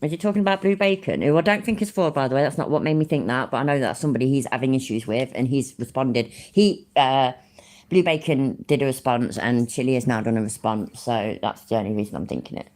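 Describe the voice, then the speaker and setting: A woman's voice: rumbling low, fast, a little mellow. A woman giving rambling, sarcastic live-stream commentary on a video and swearing freely.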